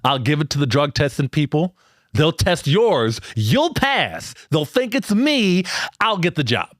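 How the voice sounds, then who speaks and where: A low, unbothered young coworker, voiced by a man telling a story on stage, calm and matter-of-fact with a lively up-and-down lilt. The sound is dry and close. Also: measured pace, dry recording. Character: laid-back young male coworker, unbothered.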